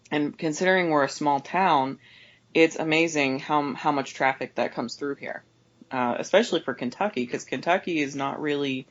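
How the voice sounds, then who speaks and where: A woman, an overnight gas station clerk, telling a rambling, exasperated story about a customer as a podcast guest. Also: highs cut off. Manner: exasperated, rambling with many restarts; raises pitch sharply when mimicking customers. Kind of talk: casual storytelling rant.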